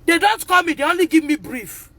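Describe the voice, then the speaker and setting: A woman's voice: very high voice, lively intonation, fairly quick, vocal fry, a bit bright. A Nigerian-accented woman, a pupil's mother, speaking in an emphatic, indignant way and repeating her points as she addresses the school directly. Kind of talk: impassioned live video appeal.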